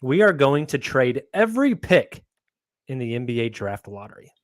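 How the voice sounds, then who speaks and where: A man's voice: medium pitch, very animated, normal speed, no room sound, studio quality. A man hosting a casual sports podcast, upbeat as he steers the panel through topics. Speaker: podcast host.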